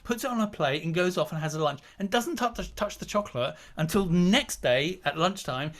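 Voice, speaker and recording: A man's voice: sits high, expressive, brisk, few pauses. A man speaking as a guest on a video call, chatty and digressive, acting out quoted inner voices. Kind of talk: casual talk on a video call.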